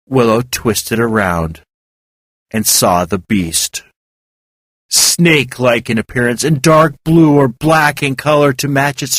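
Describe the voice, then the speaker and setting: A man narrating a fantasy serial with an expressive reading. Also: medium pitch, no echo, studio quality. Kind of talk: audiobook narration.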